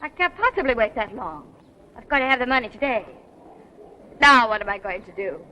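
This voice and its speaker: An actress playing an excitable young woman who pleads and bargains in a 1930s comedy film. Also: a little high, a little fast. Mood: excited. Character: young woman, a con man's daughter, quick and excitable. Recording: dull 1930s film soundtrack, faint hiss.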